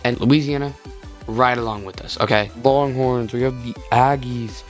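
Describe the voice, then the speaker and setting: The young video creator from Texas, USA has a mid-range voice with fairly even intonation and a moderate pace, with faint music in the background. In this casual clip he rambles and jokes, frequently cutting himself off mid-sentence.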